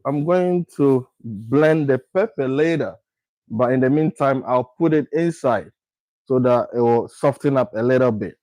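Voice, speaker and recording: Working through a home cooking video, a Ghanaian cooking vlogger chats casually and without hurry, repeating himself as he goes. His mid-range voice is a little mellow; the audio is poor, with no echo.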